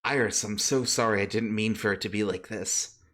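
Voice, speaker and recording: A man's voice: fairly low pitch, steady tone, brisk, a bit bright. A man voicing a middle-aged uncle in a tabletop game, hesitant and apologetic.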